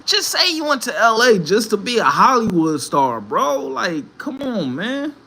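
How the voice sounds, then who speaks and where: A man giving a profane, animated sports rant from home in a casual vlog, swearing and laughing often. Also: high-pitched, unhurried, breathy edge. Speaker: vlogger. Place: home room.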